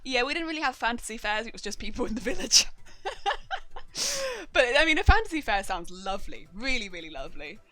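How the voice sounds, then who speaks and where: A young woman chatting casually while she crafts on a live stream, rambling excitedly and laughing often. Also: on the high side, fast, few pauses, a crowd in the background. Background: faint background music.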